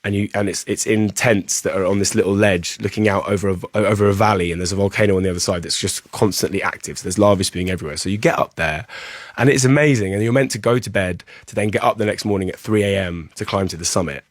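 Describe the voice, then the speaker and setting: Fast-talking man telling a rambling anecdote. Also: lowish voice, no room sound. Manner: rambling anecdote full of "like" and restarts. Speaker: musician guest. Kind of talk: casual storytelling in a podcast interview.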